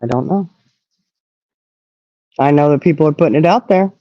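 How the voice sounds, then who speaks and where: At a normal speed, this live-stream host's low, dark and mellow voice comes across indignant and animated as she curses without hesitation in casual chat. The recording has no echo, sounding dry and slightly dull.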